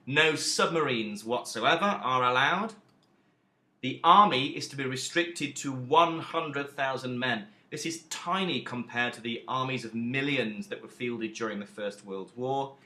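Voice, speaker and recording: A man teaching a recorded history lesson, emphatic and lively, with self-deprecating asides. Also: medium pitch, reverberant.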